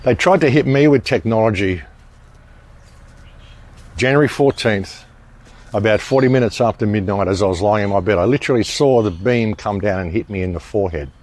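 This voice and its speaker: Rambling low-voiced man. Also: brisk, a little mellow. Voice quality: rambling, emphatic, with many restarts. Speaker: online commentator. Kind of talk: casual monologue to viewers.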